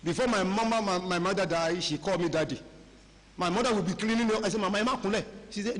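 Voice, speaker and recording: A middle-aged Nigerian man preaches with a fairly high voice that carries through a big church hall, its long reverb trailing after his words. He talks to the congregation in a loose, chatty way, mixing in pidgin and Yoruba phrases. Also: fast, fairly bright tone, slight background noise. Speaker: pastor. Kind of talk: sermon.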